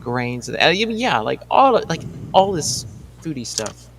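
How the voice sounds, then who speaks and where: Animated male co-host, faint hiss. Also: on the high side, unhurried, gravelly. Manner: animated, piling up examples in loose lists. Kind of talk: casual chat.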